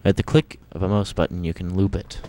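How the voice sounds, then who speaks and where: A man's voice: low voice, little pitch movement, a little fast, heavy background noise. A man casually demonstrating computer sound samples on an old home video, talking in offhand, rambling asides that trail off. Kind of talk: casual demo commentary. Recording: old home video with loud music behind.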